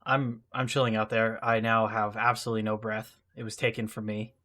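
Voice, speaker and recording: A man's voice: lowish voice, little pitch movement, fairly quick, pushed and bright. A young man telling a long personal mishap story in casual, self-deprecating style, full of restarts and asides. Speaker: podcast co-host.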